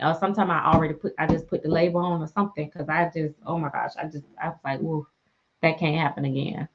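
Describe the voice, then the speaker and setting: Middle-aged woman, laughing storyteller on a live stream, lowish voice, dull lo-fi audio. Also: gravelly. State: sleepy. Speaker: reborn doll artist and live streamer. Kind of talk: casual live-stream chat.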